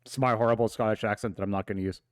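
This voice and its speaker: A man narrating as dungeon master, laughing often and halting with fillers between lines. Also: on the low side, steady tone, smooth, no room sound. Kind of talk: narrating a tabletop game.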